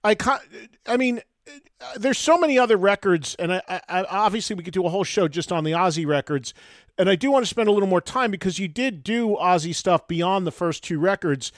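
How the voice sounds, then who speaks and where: A man hosting a podcast interview, animated and quick to laugh, thinking aloud with restarts. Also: high voice, dry recording, clean studio sound. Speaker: podcast host. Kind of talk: interview conversation.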